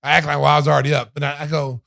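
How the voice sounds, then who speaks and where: Rapid-fire and gravelly, this high-leaning voice belongs to a middle-aged podcast host, recorded at studio quality with no room sound. Storytelling in casual chat, he's animated and performs what others said.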